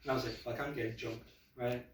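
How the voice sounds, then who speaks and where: Rambling stand-up comic in an echoey pub. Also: male voice, mid-range voice, fairly even intonation, quick pace. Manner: rambling, self-deprecating storytelling with frequent "I was like". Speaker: stand-up comedian. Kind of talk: stand-up storytelling. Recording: echoey pub room, mic heard from a distance.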